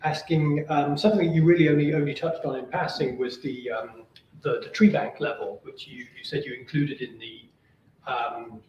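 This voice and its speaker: A man chairing an academic seminar and asking questions, halting, with many fillers and repeated words, over a video call. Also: fairly high pitch, fairly even intonation. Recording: distant, roomy, dull and lo-fi, faint noise.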